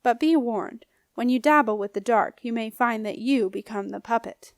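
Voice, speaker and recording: A woman's voice: a little high, moderate pace, dry recording, studio quality, lightly acted. A woman reading an audiobook, voicing a scornful, menacing old male ghost with a snappish, growling manner. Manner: sneering, bullying.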